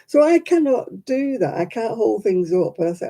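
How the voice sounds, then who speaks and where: A woman's voice: on the high side, very animated, normal speed, few pauses, mellow. A woman chatting casually to her live stream audience, rambling and self-deprecating.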